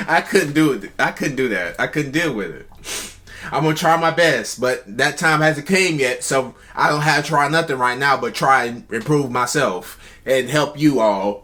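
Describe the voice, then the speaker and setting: A young man hosting a reaction video, talking casually in an animated, mocking way as he comments on clips. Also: on the high side.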